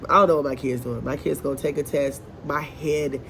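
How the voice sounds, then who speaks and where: A woman's voice: rumbling low, steady tone, fairly quick, a bit bright, a little hiss or hum. A woman, a first grade teacher, venting in a casual vlog in her classroom. She talks in an exasperated, chatty way with many asides and sounds congested and short of breath.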